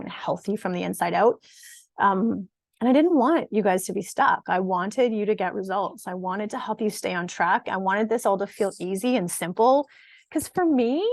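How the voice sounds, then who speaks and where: A woman in her forties talks to camera as a fitness and nutrition coach, earnest and emphatic. She often restarts mid-sentence as she goes. Her voice sits at an everyday middle pitch and sounds close and dry, with no room echo. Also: vocal fry. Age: 40s. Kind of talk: casual direct-to-camera monologue.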